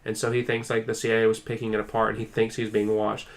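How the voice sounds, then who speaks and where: A man's voice: lowish voice, completely flat delivery, fast talker, creaky. Rambling, filler-heavy male podcast storyteller. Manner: acts out quoted people with raised intensity. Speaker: podcast co-host. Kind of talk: casual chat.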